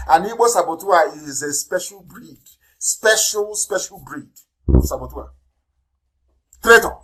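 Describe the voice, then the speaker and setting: A man with a Nigerian accent giving a live radio address, fiery and denouncing. He repeats words for emphasis and swings between loud bursts and low asides. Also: low-quality recording. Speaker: political leader broadcasting on radio.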